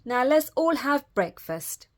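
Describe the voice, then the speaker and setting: A woman's voice: very animated, takes it slowly, exaggerated voice. Woman doing a chirpy old granny. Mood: happy. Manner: high, bright and chirpy. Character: kindly feisty old grandmother.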